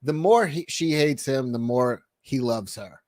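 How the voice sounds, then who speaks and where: A man's voice: mid-range voice, unhurried, no room sound. A man hosting a casual livestream chat, swearing a lot and laughing as he talks. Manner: profane, animated, laughing often. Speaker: podcast host.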